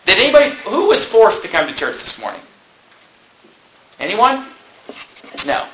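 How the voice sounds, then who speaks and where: Young guy preaching hard, high bright voice, jokey then yelling. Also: very animated, moderate pace, highs cut off, slight background noise. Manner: impassioned, swings between joking and shouting. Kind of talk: fiery sermon.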